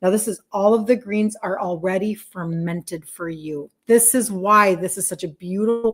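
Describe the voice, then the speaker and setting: A woman in her sixties, a wellness coach chatting effusively with viewers on a live stream, rambling and laughing as she talks. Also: medium pitch. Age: 60s. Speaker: wellness coach selling supplements.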